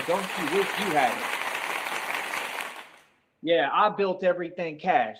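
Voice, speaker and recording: A man's voice: high voice, background noise. A man from the United States hosting a casual livestream monologue, boastful and swaggering, looping back with "like I said" over and over. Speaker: livestream host.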